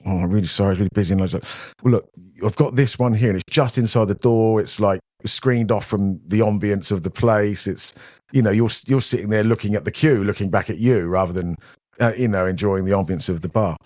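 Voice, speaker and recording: British male guest, low voice, close and dry, chatty rambling storyteller who mimics the voices of the people in his stories. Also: brisk, darkish tone, no echo. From Britain. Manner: rambling anecdotes, often acting out quoted voices. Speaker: podcast guest. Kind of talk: casual storytelling.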